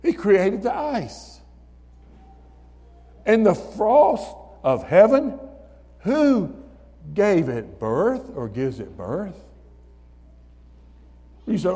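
A man preaching a sermon in church, building to shouted hallelujahs and calling on listeners by name. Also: a little high, big pitch swings, extremely slow, pauses often. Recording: long reverb of a hall.

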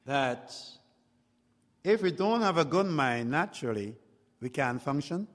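A man preaching a sermon, speaking slowly and deliberately and rising into loud exclamations. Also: fairly high pitch, expressive, long reverb tail. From outside Canada.

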